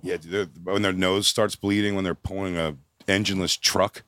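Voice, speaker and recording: A laid-back male comedian trading stories on a live podcast and laughing often. His voice sits low. The sound is dry and close. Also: fairly even intonation, moderate pace, fairly bright tone, dry recording. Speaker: comedian guest. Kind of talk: casual comedy chat.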